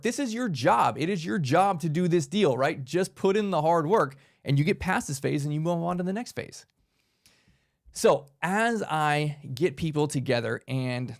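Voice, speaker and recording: A man giving an energetic, conversational workshop talk, emphatic and upbeat as he presents to a group. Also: medium pitch. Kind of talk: casual instructional talk.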